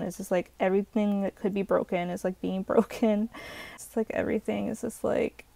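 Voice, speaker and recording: A woman's voice: mid-range voice, vocal fry, mellow, no room sound. A young woman vlogger telling a rambling, exasperated storytime in a hotel room, full of fillers. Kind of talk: casual storytime.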